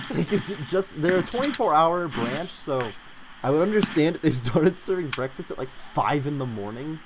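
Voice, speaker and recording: Telling a casual story on stream, a streamer keeps breaking into giggles and laughs through the telling. Their ordinary middle-pitched voice moves at a moderate pace over a steady hiss.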